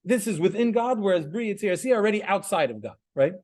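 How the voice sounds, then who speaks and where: This high-pitched, slightly mellow instructor talks fast with lively intonation. In a conversational class lecture, he tells stories and keeps checking in with students, with many restarts and "right?" checks.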